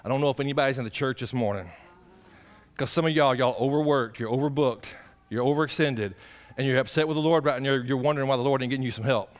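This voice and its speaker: A man's voice: mid-range voice, fast talker. A man, a pastor preaching a folksy, conversational sermon and putting direct questions to the congregation.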